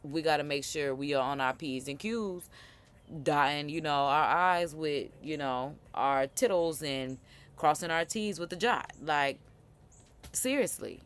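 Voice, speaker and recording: Low-voiced woman reacting emphatically. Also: unhurried. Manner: emphatic, talks back at the clip. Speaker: live-stream reaction host. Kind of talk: casual reaction commentary.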